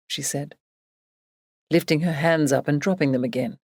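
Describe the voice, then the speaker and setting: Low-voiced woman reading a novel. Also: normal speed, a little mellow, no echo, studio quality. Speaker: audiobook narrator. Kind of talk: scripted narration.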